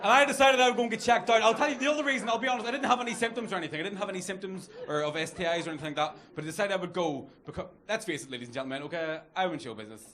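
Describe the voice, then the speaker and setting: A man's voice: high-pitched, very fast, hardly any pauses. A young Northern Irish man doing a crude, self-mocking stand-up comedy set and bantering with the audience. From Northern Ireland. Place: comedy club stage, laughing audience. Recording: live club recording with loud crowd. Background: audience laughter.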